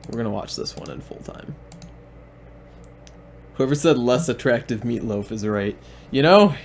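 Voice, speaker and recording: A man's voice: mid-range voice, normal speed, gravelly, a little hiss or hum. A man hosting a stream, mocking the videos he plays in a sarcastic, repetitive way. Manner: sarcastic, deadpan, repeats himself. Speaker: stream host and commentator.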